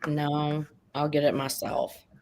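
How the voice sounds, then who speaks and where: Brief: blunt, joking collector, mid pitch, swears casually. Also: monotone, slow pace, creaky, a little mellow. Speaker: comic collector in group chat. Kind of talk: casual group chat.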